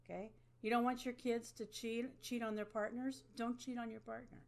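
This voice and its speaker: A woman's voice: a little high, level tone, moderate pace, gravelly. A woman teaching an online class to a webcam, talking in a conversational way and often checking in with "okay?". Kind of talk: online lecture.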